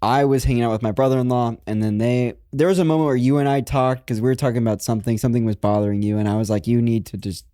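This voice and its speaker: A man of middle pitch who is a podcast guest, telling a story in a relaxed, self-mocking way. He drifts into giggles easily and talks loosely. The sound is dry and close. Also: fast talker, few pauses, no echo. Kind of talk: casual storytelling chat.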